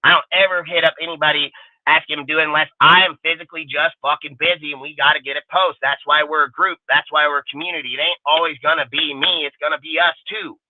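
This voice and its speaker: Man host ranting on a livestream, aggressive and profane; high-pitched, dry, tinny. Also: fairly even intonation, quick pace, no echo. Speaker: channel host. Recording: tinny phone-like livestream audio.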